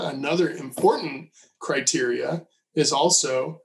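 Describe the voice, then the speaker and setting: A man co-hosting a podcast, talking through his ideas in a measured, reflective way. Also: mid-range voice, low-quality recording. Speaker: podcast co-host. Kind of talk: conversational discussion.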